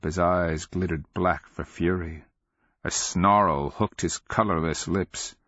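A man with a very low voice reads a fantasy audiobook in a measured, solemn way. The recording is dry, with no room sound, and slightly dull in tone. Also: steady tone, a bit bright, no echo. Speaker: audiobook narrator. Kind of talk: scripted audiobook narration.

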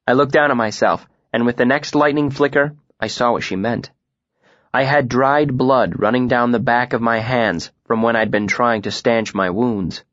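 A man reading a first-person fantasy novel aloud in a measured, steady storytelling voice into a close microphone. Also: mid-range voice, dry recording, muffled recording. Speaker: audiobook narrator.

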